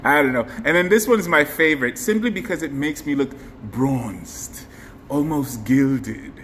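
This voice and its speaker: Effusive male live-stream host, high voice, reverberant room with faint hiss. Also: fast. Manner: effusive, animated, thanks viewers by name. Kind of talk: casual live-stream chat. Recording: faint background noise, long hall reverb.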